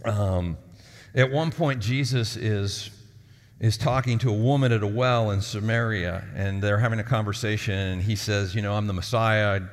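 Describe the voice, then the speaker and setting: A man's voice: fairly low pitch, normal speed. A man preaching a sermon as lead pastor, talking in a conversational, storytelling way and acting out the people in his stories. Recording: long hall reverb.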